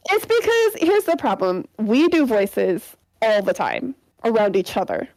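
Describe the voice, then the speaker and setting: Bright-voiced woman podcast co-host, dry sound. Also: fairly high pitch, very animated, measured pace, dry recording, low-quality recording. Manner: playful, giggly, rambling. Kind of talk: casual chat.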